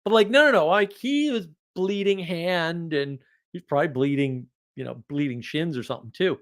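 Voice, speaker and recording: A man casually telling a story from his week, animated, laughing often and restarting his sentences. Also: on the high side, moderate pace. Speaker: podcast host.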